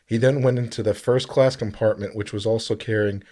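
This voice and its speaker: A man co-hosting a podcast in casual chat, rambling and halting with frequent fillers, sometimes reading out a story. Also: lowish voice, steady tone, mellow. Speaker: podcast co-host.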